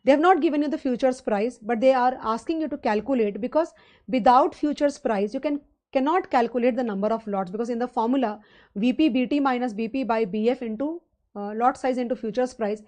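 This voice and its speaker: A woman's voice: a little high, fairly quick, a little mellow. A woman with an Indian English accent giving a live online finance lecture, chatty and rambling, with many fillers and questions to her students. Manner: conversational, rambling teaching with fillers and rhetorical questions.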